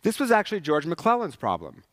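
A male pastor delivers a sermon in a casual, conversational manner and keeps checking in with the listeners. His voice is a little higher than most men's. The sound is dry and close, with no room echo. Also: wildly swooping pitch, a little fast. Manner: conversational, asks "right?" often, acts out characters.

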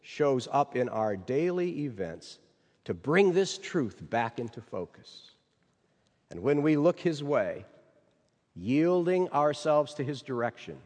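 A man serving as a chaplain gives a devotional sermon in a slow, measured, earnest way. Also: medium pitch, a little mellow, long reverb tail.

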